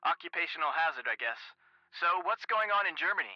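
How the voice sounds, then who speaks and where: An actor voicing a friendly young man on the phone in a mystery video game, relaxed and supportive. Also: on the high side, fast talker, close to an everyday voice. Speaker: game side character. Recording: dull lo-fi phone sound.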